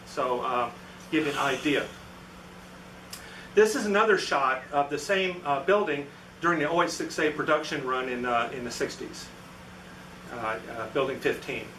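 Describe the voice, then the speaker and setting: This club-meeting guest speaks at medium pitch and moderate pace, pausing at length, his voice pushed and bright as he acts out the people in his anecdote. The distant mic picks up the meeting room's echo plus a little hiss or hum.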